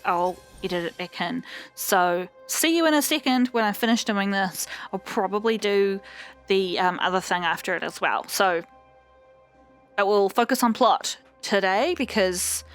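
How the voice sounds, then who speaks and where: A woman hosting a gaming video, talking casually and rambling as she plays. Her voice sits at a middle pitch and keeps bouncing up with animated energy. Faint game music plays underneath. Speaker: let's play host. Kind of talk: casual gameplay commentary.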